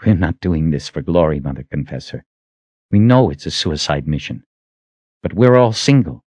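A man's voice: extremely low pitch, expressive, normal speed, darkish tone, dry recording. A man voicing an earnest young army captain who speaks with raised, intense conviction in an audiobook. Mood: resolute.

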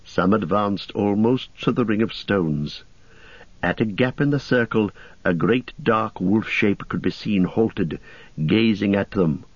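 A man narrating an audiobook in a measured, even storytelling manner. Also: lowish voice, husky, no echo. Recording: dull dry audiobook recording.

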